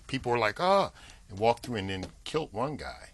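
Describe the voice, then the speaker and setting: A man's voice: lowish voice, big pitch swings, brisk, vocal fry, a little hiss or hum. A man hosting a talk show, chatty and eager, pressing his guest for stories. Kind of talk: casual interview chat.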